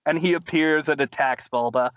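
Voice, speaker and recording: A man hosting a podcast, casually recapping a cartoon episode in an animated way, laughing and acting out quotes. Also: normal speed, dry recording, highs cut off. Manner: animated, laughing, acts out quotes in high voices. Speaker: podcast host.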